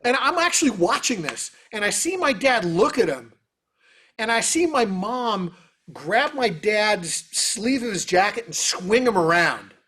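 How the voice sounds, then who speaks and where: A man, a guest on an interview, telling stories and answering questions in an animated, casual way over a video call. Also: sits high, a little slow, slightly rough. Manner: animated, lots of fillers. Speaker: orchestra trumpeter, interview guest. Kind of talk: casual storytelling.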